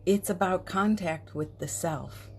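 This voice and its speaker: A woman hosting a morning live stream, chatting gently and affectionately with viewers, greeting them by name and laughing often. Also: on the low side, measured pace, faint music behind. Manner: laughs often, speaks softly. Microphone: phone.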